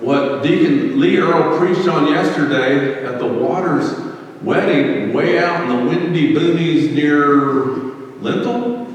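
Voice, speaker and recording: A male pastor delivering a sermon, full of rhetorical questions and rising fervor. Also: on the high side. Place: church sanctuary. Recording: echoey church hall from far off.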